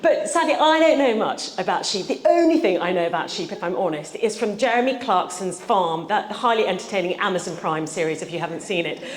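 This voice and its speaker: Woman preacher giving a sermon, earnest storyteller, mid pitch, echoey church. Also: animated. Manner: earnest, storytelling, slows for scripture reading.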